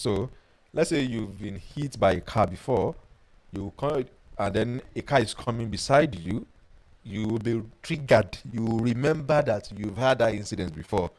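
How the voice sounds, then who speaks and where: A man, a life coach teaching a webinar and telling personal stories in an animated way. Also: fairly low pitch, poor audio. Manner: animated storyteller who reads out viewer comments.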